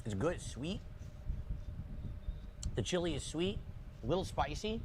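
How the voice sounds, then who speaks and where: A man with a somewhat high voice chats casually on a livestream from his own room. He explains himself at length and sounds defensive. A clear layer of background noise runs under his voice. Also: sing-song, measured pace.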